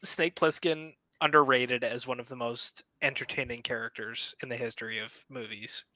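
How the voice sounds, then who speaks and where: A young co-host on a casual film podcast talks excitably in a bright, forward, medium-pitched voice at a moderate pace, swearing freely and laughing as he retells scenes. The audio is dry, close, echo-free, and of poor quality.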